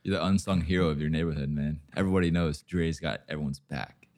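A man's voice: rumbling low, steady tone, fast, darkish tone, dry recording, clean studio sound. A man co-hosting a casual podcast, teasing his co-host with swearing and laughter. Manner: teasing, profane, laughs a lot.

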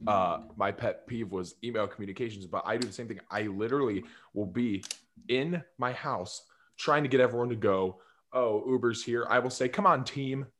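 A man's voice: normal speed, a bit bright. A man in casual podcast chat, ranting about office habits with profanity and exasperation. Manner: profane, exasperated ranting with big pitch swings.

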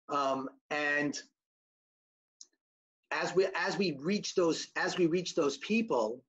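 Guy with a fairly high voice telling his story to a crowd, acts out the quotes, kinda dull lo-fi sound. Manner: earnest storyteller, acts out quoted dialogue with raised pitch. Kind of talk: personal testimony talk with slides.

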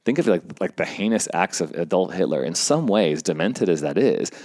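A man's voice: sits low, animated, brisk, darkish tone, no room sound, clean studio sound. A man casually telling a story about his work as an event stage manager, rambling with fillers and acting out what people said. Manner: conversational, rambling with fillers, acts out quoted lines.

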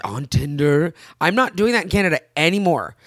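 A woman's voice: deep voice, animated, a little fast, dry recording, clean studio sound. A woman co-hosting a podcast, speaking earnestly and emotionally, often repeating herself as she rambles on. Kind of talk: candid personal chat.

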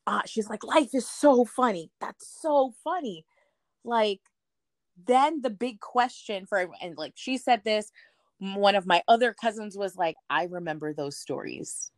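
A woman's voice: medium pitch, dry recording. Chatty woman in a dry room. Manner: animated, acts out quoted voices; frequent "like" fillers. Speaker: guest. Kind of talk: casual storytelling interview.

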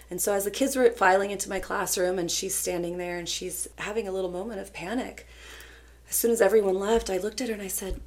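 A woman who is a teacher, co-hosting a podcast and telling a classroom story in a casual, animated way. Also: creaky. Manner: animated storyteller, quotes students in soft low tones.

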